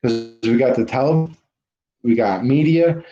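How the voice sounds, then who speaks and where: A man's voice: mid-range voice, a little slow, warm tone, soft background music. A man hosting a livestream in a casual, ranting style, hammering his points with emphatic repetition. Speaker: livestream host. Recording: roomy, dull lo-fi livestream audio.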